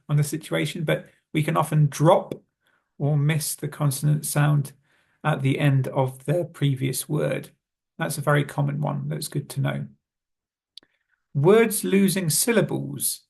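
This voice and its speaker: A British man teaching English pronunciation, calmly explaining and saying example phrases slowly and clearly. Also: a little high. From Britain. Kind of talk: online lesson, reading notes and modelling phrases.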